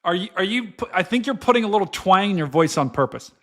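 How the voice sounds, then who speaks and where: A young man hosts a weather livestream with a noticeably high voice. He chats casually, gets excitable, and breaks into exclamations and laughs. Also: quick pace. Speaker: livestream weather show host.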